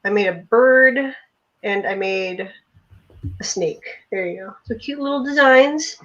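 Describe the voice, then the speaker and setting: A woman's voice: mid-range voice, measured pace, fairly bright tone. Chatty woman, muffled lo-fi audio. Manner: chatty, rambling with restarts. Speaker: podcast co-host. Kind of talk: casual chat.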